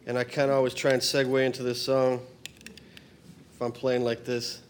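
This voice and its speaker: A man's voice: medium pitch, completely flat delivery, normal speed, slight background noise. A middle-aged man, introducing his song in a rambling, plainspoken way and stating blunt opinions. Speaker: singer-songwriter and former firefighter.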